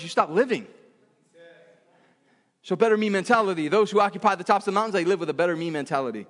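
A man's voice: high-pitched, fast, long pauses, big-room sound. A man preaching a sermon in a church, emphatic and repetitive, often restarting his phrases.

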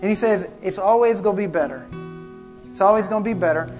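A man's voice: sits high, fast talker, darkish tone. A man preaching a prophetic sermon, fervent and repetitive, calling out to the congregation. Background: guitar music.

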